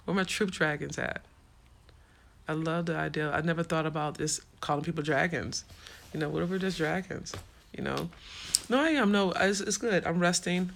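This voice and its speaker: Low and creaky, this woman's voice carries a casual livestream where she responds to viewer comments. Her manner is blunt and streetwise, and she curses without holding back.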